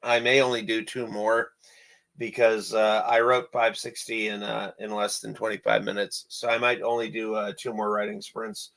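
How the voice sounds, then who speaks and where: A man's voice: on the low side, flat delivery, normal speed, gravelly, fairly bright tone, rough recording. A young man talking casually in a vlog about his writing and animation work, rambling and repeating himself with many fillers. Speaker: amateur animator and writer.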